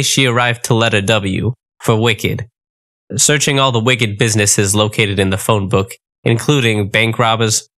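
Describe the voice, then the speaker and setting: A man's voice: on the low side, a bit bright. A man narrating a comic storybook in a wry, matter-of-fact way.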